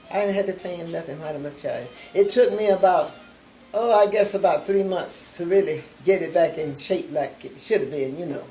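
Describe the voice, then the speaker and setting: A woman's voice: on the low side, darkish tone, slight background noise. Older woman telling a faith testimony in a roomy echo. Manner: storytelling that acts out both sides of remembered conversations; unhurried, with repeated "I said" and "he said". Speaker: charity founder giving testimony.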